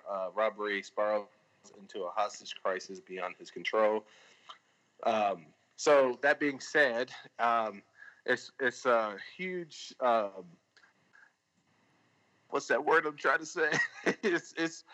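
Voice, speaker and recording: Guy filmmaker rambling on a podcast, bright voice, lots of ums and restarts. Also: medium pitch, low-quality recording. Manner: rambling, many fillers and restarts. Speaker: filmmaker guest. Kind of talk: casual podcast chat.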